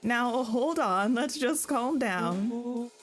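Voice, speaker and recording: A woman's voice: fairly high pitch, lively intonation, drawn-out words, over music. A woman voicing a dazed, frightened older man who stammers desperately in a video game.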